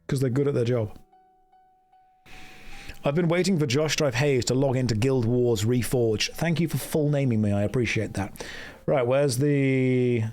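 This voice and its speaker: Joking man streaming a game. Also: medium pitch. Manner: joking, dry, self-mocking. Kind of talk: casual live-stream chat.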